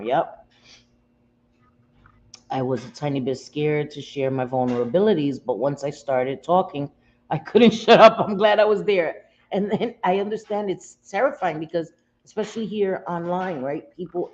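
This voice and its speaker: A woman's voice: low voice, mellow. A woman hosting a casual livestream from home, talking emotionally and confidingly with viewers, close to tears and often repeating herself. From United States. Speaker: livestream host. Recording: dull lo-fi audio with faint room noise.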